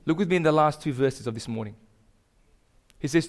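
A man delivers a sermon from the pulpit in a notably high voice. He preaches earnestly, repeating his points and pressing them harder as he goes. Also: fairly quick, pauses often. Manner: earnest, repetitive, building in intensity. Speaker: pastor.

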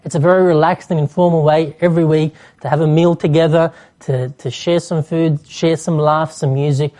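A man delivers a sermon in a mellow, darker voice. He talks earnestly and invitingly. He slips into short acted-out exchanges to make his point. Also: fairly high pitch, steady tone, moderate pace. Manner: earnest, warm pastoral appeal with dramatized dialogue. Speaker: preacher.

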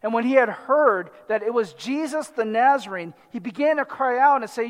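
A man preaching a sermon, reading scripture and explaining it in an animated way, acting out the voices of the crowd. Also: very high voice, normal speed, few pauses. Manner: animated, dramatizes the crowd and the blind man in quotes. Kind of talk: expository sermon. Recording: long hall reverb.

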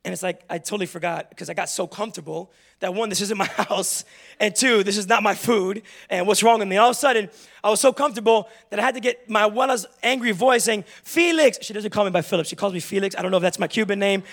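Talking fast in a high-pitched, fairly bright tone with vocal fry, a young adult pastor preaches to his congregation. He leans on amusing, self-revealing stories to land his message.

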